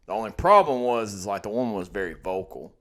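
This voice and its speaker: A man's voice: lowish voice, very animated, fast talker, a bit bright. Rambling, laughing podcast co-host man. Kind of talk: casual comedy podcast chat.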